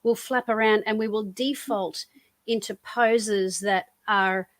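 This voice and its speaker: A woman's voice: mid-range voice, fairly even intonation, takes it slowly, dry recording. A woman hosting a podcast interview, chatting enthusiastically and rambling through her thoughts. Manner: enthusiastic, rambling, restarts often. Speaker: podcast host. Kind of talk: casual interview chat.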